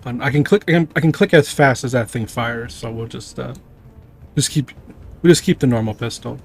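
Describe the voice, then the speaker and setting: A man's voice: medium pitch, brisk, gravelly, darkish tone, breathy edge, soft background music. A man streaming a video game, chatting casually and rambling through menu choices. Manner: rambling, with fillers and sound effects. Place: home streaming setup.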